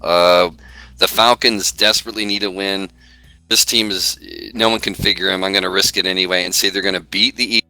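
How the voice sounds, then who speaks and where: A man giving betting picks on a fan podcast, talking in a halting way with many fillers. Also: low-pitched, fairly even intonation, pushed and bright, no echo, low-quality recording. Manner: halting, lots of fillers and restarts. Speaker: podcast stats segment host. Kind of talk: casual podcast chat. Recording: dry with faint music.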